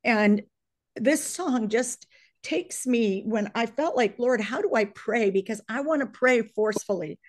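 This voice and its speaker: A woman's voice: fairly high pitch, measured pace. A middle-aged woman leading an earnest spoken prayer, fervent and emotional, choked up and near tears as she reads scripture and lyrics with rising force. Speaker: prayer leader on a briefing call.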